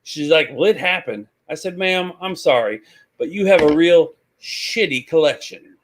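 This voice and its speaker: A man on a talk show, telling a lively anecdote and acting out the voices. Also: a little high, moderate pace. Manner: animated, acts out voices in anecdotes. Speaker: guest, reseller. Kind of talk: casual storytelling.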